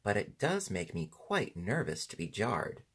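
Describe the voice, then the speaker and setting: A man's voice: fairly low pitch, huge pitch swings, unhurried, a bit bright, breathy edge, heavily acted. A man voicing a skittish living wooden sawhorse that fusses and frets in a storybook reading. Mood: nervous. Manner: fussy, easily alarmed.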